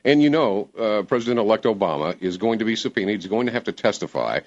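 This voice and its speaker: A male talk radio host with a low voice that swings widely in pitch as he presses his points. He talks emphatically and animatedly to his callers. The sound is dull and lo-fi, like an old radio broadcast. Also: quick pace. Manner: animated, emphatic, laughs easily.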